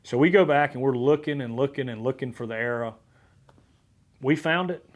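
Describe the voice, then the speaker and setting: Animated male podcast host telling a story. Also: mid-range voice, normal speed, highs cut off. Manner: energetic, animated storyteller with frequent restarts. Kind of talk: casual storytelling chat.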